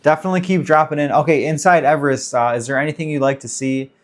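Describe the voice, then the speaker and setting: A man's voice: on the high side, fairly even intonation, fast talker. A man in his thirties hosting a casual livestream Q&A, chatting loosely and greeting viewers by name as he reads the chat. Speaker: livestream host.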